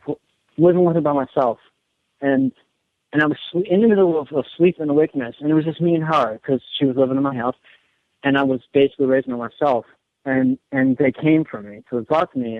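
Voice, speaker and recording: A man's voice: on the high side, no room sound, narrow, tinny audio. A man as a radio show guest, talking earnestly in long rambling runs and often repeating his words. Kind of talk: casual radio interview.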